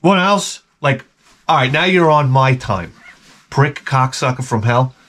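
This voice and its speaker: A man's voice: medium pitch, animated, unhurried, fairly bright tone. A man vlogging in a rambling, profane monologue, swearing often and breaking into mouth sound effects. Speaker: retro gaming vlogger.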